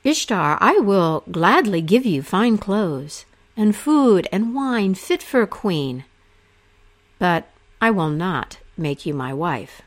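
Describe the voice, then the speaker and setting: A woman voicing a proud, blunt young male king in a told myth, speaking slowly and deliberately. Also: medium pitch, sing-song. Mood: defiant.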